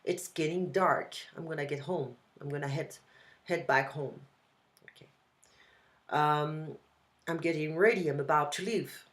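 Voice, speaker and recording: A woman with a French accent tutoring a student over a video call in a casual one-on-one lesson, explaining slowly and repeating example phrases. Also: low voice. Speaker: language tutor.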